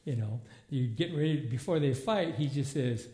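A man teaching a Bible lesson in a church hall in a loose, lively way, acting out scenes in different voices. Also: medium pitch, normal speed. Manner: animated, acts out movie scenes in voices. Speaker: preacher. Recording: echoey room.

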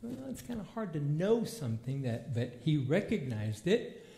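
A man preaches in a casual, chatty way, with a fairly high voice that swings widely in pitch. He acts out scenes in other voices. The sound bounces around an echoey church hall. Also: very animated, moderate pace, vocal fry, mellow. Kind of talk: informal Bible teaching. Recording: echoey room.

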